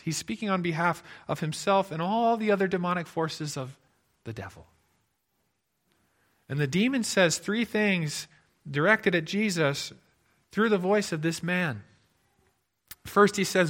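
A man preaching a sermon, expressive, moving between loud emphasis and hushed tones. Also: high-pitched, unhurried, pauses often. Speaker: pastor.

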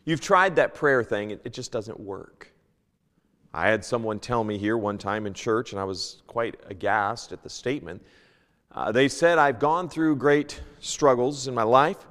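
A man teaching a Sunday school lesson, reading King James scripture aloud and moving between loud emphasis and hushed asides. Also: medium pitch, measured pace, long reverb tail. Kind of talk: Bible teaching, sermon. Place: church.

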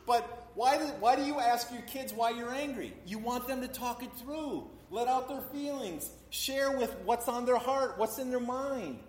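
A high-pitched middle-aged man preaches a sermon in a church hall, and his voice carries a long reverb around the room. He often acts out the voices in his stories. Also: measured pace, hardly any pauses. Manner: acts out voices in quotes, talks with a congregation. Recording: echoey hall.

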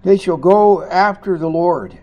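A man preaching a sermon, reading scripture aloud and commenting on it, rising to loud emphasis on key lines. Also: high voice, unhurried, highs cut off. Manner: reads scripture aloud and comments between passages.

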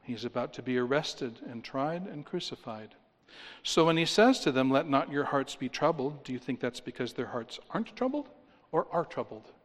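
A man's voice: mid-range voice, expressive, normal speed. A man preaching a sermon, emphatic, reading scripture aloud and firing rhetorical questions at his listeners. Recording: long reverb of a large hall.

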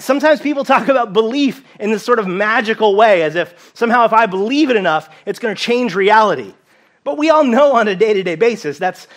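A man preaching a sermon as pastor, earnest and emphatic, slowing down to repeat key phrases. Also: high voice, a bit bright.

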